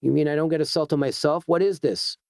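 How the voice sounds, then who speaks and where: A man's voice: fairly high pitch, fairly even intonation, quick pace, vocal fry, darkish tone, no room sound, clean studio sound, voice pushed up. A man doing a drawling young hoodlum. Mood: offhand. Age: young adult. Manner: drawling, casual, calls everyone "man". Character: young male hoodlum, laid-back gum-chewer.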